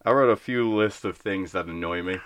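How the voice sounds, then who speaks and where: Brash young man ranting, bright voice. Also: low voice, fairly quick, clean tone. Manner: blunt, ranting, acts out voices in stories. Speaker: podcast co-host. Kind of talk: casual podcast chat.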